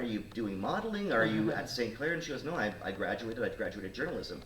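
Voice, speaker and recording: A man's voice: fairly low pitch, quick pace. A man, a radio talk show host in his thirties, telling a story casually and acting out the voices of the people in it. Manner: animated, acts out quoted voices. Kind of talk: casual storytelling to a studio audience. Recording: roomy sound, mic at a distance, faint noise.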